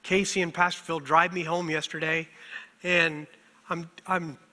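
A man's voice: a little high, level tone, a little slow, sharp tone. A middle-aged male pastor preaching a sermon, emotional and self-deprecating, on the verge of tears and often laughing through them. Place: church sanctuary. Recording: long church hall reverb.

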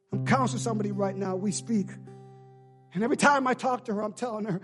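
A man preaching a sermon as pastor, swinging between shouted pleas and hushed, drawn-out lines with a call-and-response cadence. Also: very high voice, faint music behind. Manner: shifts between shouting and hushed near-whispers.

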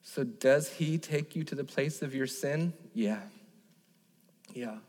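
A pastor in his thirties preaches an earnest sermon, his voice sitting in an ordinary middle pitch for a man. He tells a personal story and then builds to urgent, repeated phrases. The sound carries the long reverb of a large hall. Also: takes it slowly, darkish tone. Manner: earnest, storytelling with rising emphatic repetitions.

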